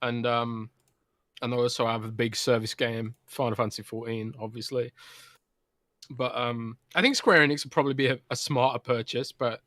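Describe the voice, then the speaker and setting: A man's voice: mid-range voice, steady tone, normal speed, a bit bright, dry recording. A man with a West Midlands English accent co-hosting a casual podcast, teasing and often restarting his sentences. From West Midlands, England. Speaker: podcast co-host.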